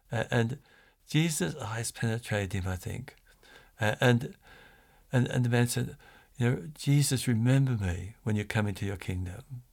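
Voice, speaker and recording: Gravelly-voiced priest telling a sermon. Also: male voice, mid-range voice. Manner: storytelling, with fillers and restarts.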